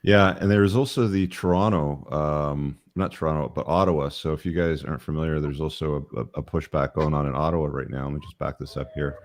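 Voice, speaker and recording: A man with a very deep voice hosts a casual panel chat, rambling along with plenty of fillers. The sound is dry and close, with no room in it. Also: fairly quick, few pauses, no room sound. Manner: relaxed, rambling with many fillers. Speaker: show host.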